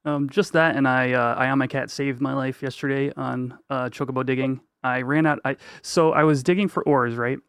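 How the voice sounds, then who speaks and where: A man on a gaming podcast tells a story in a meandering way, full of restarts and fillers. His voice is mid-pitched and recorded close and dry, with no room sound. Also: steady tone, moderate pace, few pauses, fairly bright tone, clean tone, no room sound. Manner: rambling, many fillers and restarts. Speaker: podcast co-host. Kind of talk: casual gaming chat.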